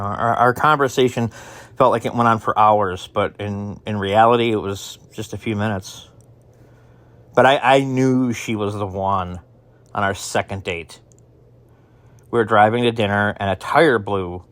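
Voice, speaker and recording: A self-doubting survivor, voiced by a man speaks into a tape diary in an audio drama. He talks haltingly, stumbling and restarting often. His voice sits somewhat low. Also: fairly even intonation, a bit bright, no echo, natural voice. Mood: wistful. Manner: halting, with many restarts and fillers.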